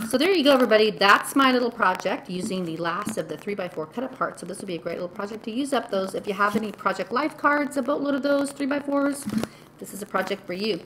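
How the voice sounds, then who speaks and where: A woman's voice: mid-range voice, quick pace, fairly bright tone, a little hiss or hum, poor audio. A woman craft vlogger giving a casual show-and-tell tutorial, chatty and gushing over small details. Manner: gushing, chatty, lots of "oh my goodness".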